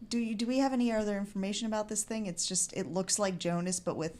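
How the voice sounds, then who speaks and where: A woman playing in a tabletop game, eager and quick to laugh. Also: mid-range voice, fairly even intonation, darkish tone. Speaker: player. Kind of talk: casual tabletop play.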